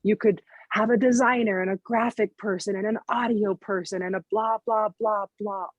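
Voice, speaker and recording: A woman's voice: mid-range voice, fairly even intonation, dry recording, muffled recording. A woman in her thirties, a fitness coach and business owner, talking casually as a podcast guest and filling her speech with "like" and "you know". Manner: chatty, lots of "like" and "you know", quick laughs.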